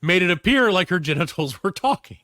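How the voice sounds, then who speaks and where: A man's voice: sits high, lively intonation, a little fast, pushed and bright, no room sound, clean studio sound. A man co-hosting a casual comedy podcast, reading a news story aloud with laughs and asides. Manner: reads news stories aloud with laughs and silly voices. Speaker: podcast co-host.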